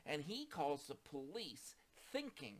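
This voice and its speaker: A man telling a long personal anecdote in a casual, animated way, acting out the people in it. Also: a little high, slow pace. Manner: animated, acts out quoted voices, rising to excited peaks. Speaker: storyteller. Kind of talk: casual storytelling.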